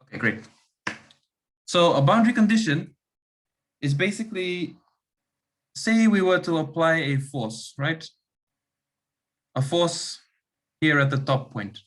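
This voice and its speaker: A man's voice: fairly high pitch, takes it slowly, long pauses, fairly bright tone. A man running an online engineering lab class, explaining concepts step by step and often checking in with "okay" and "right". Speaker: lab demonstrator.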